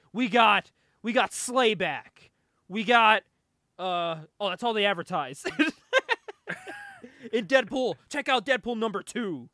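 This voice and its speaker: A young man recapping a comic on a casual podcast, his voice pitched high and swinging widely as he laughs his way through the story. The tone is bright and the sound dry and close to the mic. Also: dry recording. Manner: animated, laughs often, reads comic dialogue aloud. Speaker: podcast co-host. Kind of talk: casual comic book chat.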